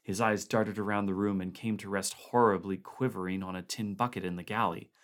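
A man with a low voice reads a story aloud. His delivery is calm and even, with the plain pace of a storyteller. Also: fairly quick. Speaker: audiobook reader. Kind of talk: story narration.

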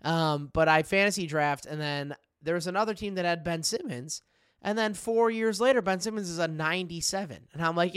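A young man co-hosts a podcast, chatting casually about sports while laughing often and swearing freely. His voice is high, with no echo and clean studio sound.

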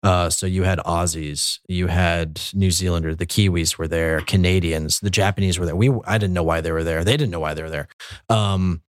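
A man's voice: deep voice, fairly even intonation, moderate pace, dry recording, clean studio sound. A man, a Catholic military chaplain, telling his story in a loose, rambling way with many fillers and restarts. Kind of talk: conversational storytelling.

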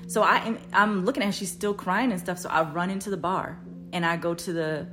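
A woman podcast host telling a story in a casual, animated, profane way, her voice jumping up loud when she quotes herself. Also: lowish voice, brisk, a little hiss or hum.

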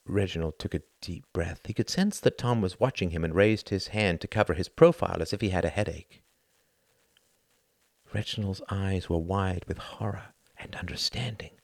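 A man reading a novel aloud as narrator, in a measured, dramatic storytelling manner. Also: low-pitched, no room sound, clean studio sound. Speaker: audiobook narrator. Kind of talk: scripted narration.

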